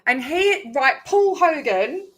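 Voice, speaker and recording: A woman with an English accent touched by an Australian twang hosts a loose live stream. Her voice sits a little high, and she talks in a chatty way, laughing often and dropping casual swears. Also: animated, slow pace, fairly bright tone. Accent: English with a slight Australian twang. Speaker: livestream host.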